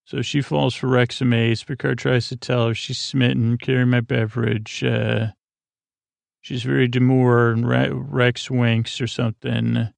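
A man's voice: medium pitch, little pitch movement, a little slow, vocal fry, no room sound. A man hosting a sleep podcast, drowsily recapping an episode in a meandering way, full of fillers. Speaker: podcast host.

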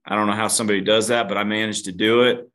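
This guest races through a personal anecdote on a podcast, his voice on the low side, flat in delivery, yet fairly bright. He's frank and self-mocking, swearing offhandedly and calling the host "dude."

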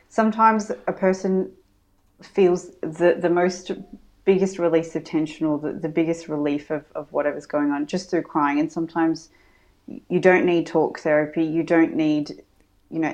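An Australian woman joins a podcast chat with a notably low voice. She speaks earnestly and with encouragement, in a casual conversational tone. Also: a little mellow. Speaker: podcast guest.

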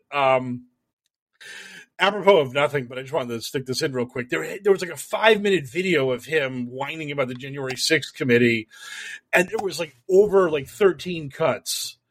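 A man co-hosting a casual political comedy podcast, rambling and profane, animated and full of restarts. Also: a little high. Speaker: podcast co-host. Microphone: remote call recording.

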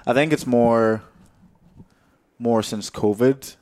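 A man's voice: medium pitch, fairly even intonation, takes it slowly, a little mellow. A man chatting on a podcast, teasing his co-host and speaking bluntly. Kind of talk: casual chat.

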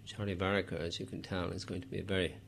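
A man narrates a novel in a measured, even storytelling voice. His pitch sits on the low side, and he drops in the odd wry aside to the listener. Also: gravelly, a little hiss or hum. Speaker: audiobook narrator. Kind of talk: scripted narration.

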